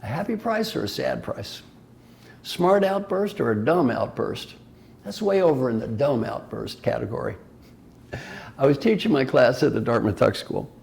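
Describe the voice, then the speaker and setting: A man's voice: mid-range voice, lively intonation, moderate pace, vocal fry, darkish tone, slight background noise. An older man giving a motivational talk as an executive coach, playful and emphatic, firing off rhetorical questions.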